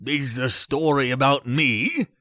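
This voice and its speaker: A man's voice: medium pitch, lively intonation, takes it slowly, sharp tone, dry recording, studio quality, voice pushed up. A man voicing a pompous, self-important old male water rat in a storybook reading. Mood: self-satisfied.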